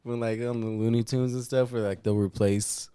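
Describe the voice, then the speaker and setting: A man's voice: medium pitch, steady tone, moderate pace, mellow, smooth, no echo, studio quality. A man co-hosting a couples podcast in casual chat, rambling easily and often apologizing. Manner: easygoing, apologetic, rambling with fillers. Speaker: podcast co-host.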